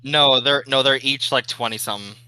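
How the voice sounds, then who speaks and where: A man's voice: medium pitch, fairly quick, sharp tone, low-quality recording. A young man as a guest in a casual online interview, easygoing and laughing often, sometimes hesitant.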